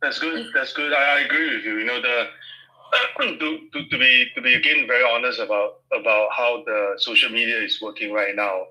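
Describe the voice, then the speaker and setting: A man hosting a casual audio chat, talking haltingly and repeating his words as he restarts. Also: medium pitch, steady tone, sharp tone, poor audio.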